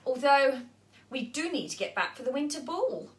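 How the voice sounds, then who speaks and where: A woman's voice: high voice, sing-song, normal speed. A woman voicing a brave, loving young girl in a children's storybook, in an earnest, pleading voice.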